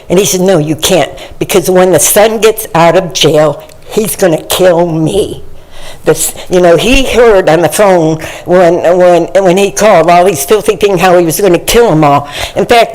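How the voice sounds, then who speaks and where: A woman's voice: lowish voice, darkish tone, low-quality recording. An older woman giving earnest personal testimony during a public comment period, often repeating words and phrases for emphasis, speaking into a podium microphone in a county meeting chamber.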